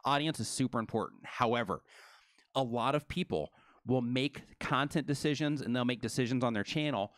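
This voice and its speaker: Speaking at a quick, lively pace, a male co-host on a live stream leans heavily on fillers like "you know" and "right." The recording is dry, catching his mid-range voice up close with almost no room sound.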